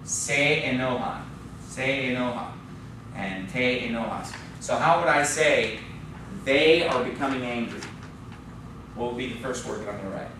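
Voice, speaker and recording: A man's voice: mid-range voice, normal speed, a bit bright, slight background noise. A man teaching a Spanish class, explaining patiently and asking the class questions, with a frequent "okay?". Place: church classroom. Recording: very echoey classroom recorded from far off.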